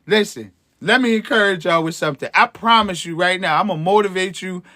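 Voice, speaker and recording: Fairly quick and high-pitched, this man's voice sounds pushed and bright. He hosts a motivational livestream as an empowerment coach, preaching encouragement to viewers with slang and plenty of chuckles.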